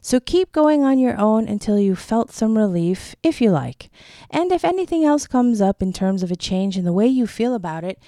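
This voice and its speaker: A woman's voice at an ordinary middle pitch guides listeners through a tapping exercise. She speaks gently and reassuringly, leaving pauses for repetition. The recording is close and dry, with no room sound. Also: big pitch swings, no room sound.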